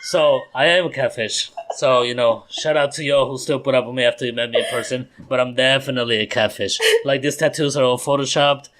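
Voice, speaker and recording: Fast-talking man with a Colombian accent. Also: mid-range voice, fairly even intonation, a bit bright. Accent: Colombian Spanish. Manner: profane, rambling, self-mocking. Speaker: podcast co-host. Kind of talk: casual chat.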